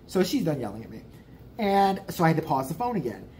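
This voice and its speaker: Profane, animated man ranting in his 40s. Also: a little high, fast, a little hiss or hum. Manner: profane, exasperated, animated storyteller. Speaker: vlogger. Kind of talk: casual ranting storytelling.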